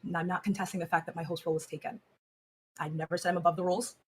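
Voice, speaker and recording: A woman co-host answering calmly in a flat, measured, serious monotone. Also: fairly low pitch, a little hiss or hum. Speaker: co-host on a live stream. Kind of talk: serious on-air reply.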